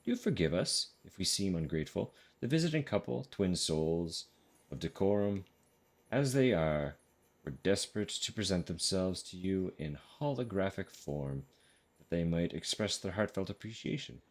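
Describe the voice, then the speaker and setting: A man reading out an ornate, pompous letter from an overly formal gentleman in a game. His voice stays very deep. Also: sing-song, normal speed, full character voice.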